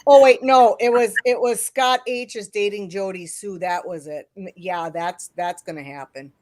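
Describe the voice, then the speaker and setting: A woman's voice: mid-range voice, fairly even intonation, normal speed, a little mellow, no room sound. A woman in her fifties chatting casually with a group and sharing gossip. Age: 50s. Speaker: panelist.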